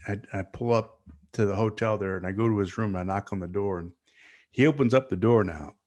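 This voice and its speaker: A football coach co-hosting a sports podcast, telling stories in a laid-back, easygoing way. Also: male voice, fairly low pitch, fairly quick, darkish tone. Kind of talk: casual sports chat.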